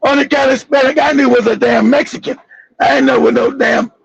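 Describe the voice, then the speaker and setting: Man, very high voice, gravelly, blunt profane storytelling, dull lo-fi stream audio, faint background noise. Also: steady tone, fairly quick. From Los Angeles, US. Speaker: channel host. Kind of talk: live-stream monologue.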